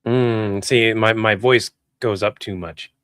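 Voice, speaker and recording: A man's voice: lowish voice, steady tone, fairly bright tone, clean tone, no echo. Voice actor guy rambling while he edits, very dry sound, kinda hard on himself. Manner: rambling, self-critical, halting. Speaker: voice actor and video editor. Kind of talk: casual live-stream chat while editing.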